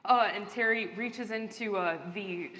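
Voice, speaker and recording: A woman's voice: mid-range voice, a little slow, fairly bright tone. A woman narrating a live tabletop horror game as game master, telling the story in a dramatic, descriptive way. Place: convention main stage. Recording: live stage hall, faint noise.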